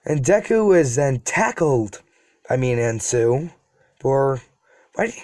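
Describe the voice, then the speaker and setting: A man casually telling a fan story to his viewers, wandering off on tangents and poking fun at himself. His voice sits at a middle pitch. The recording is dry and close, with no room sound. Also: big pitch swings, takes it slowly, darkish tone, no room sound. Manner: rambling, self-deprecating asides. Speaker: YouTube storyteller.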